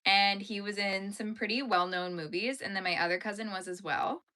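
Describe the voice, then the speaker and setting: This Yellowknife woman's knitting livestream features her mid-range voice, sharp in tone, with fairly even intonation at a normal speed. Responding casually to viewer comments, she's chatty, laughs easily, and relies on "like" as a frequent filler.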